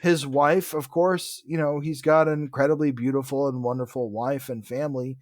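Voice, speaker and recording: A man co-hosting a podcast, talking about comics in a loose, offhand way with casual swearing. His voice sits at a middle pitch. The recording is dry and close. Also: steady tone, moderate pace, darkish tone, dry recording. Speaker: podcast co-host.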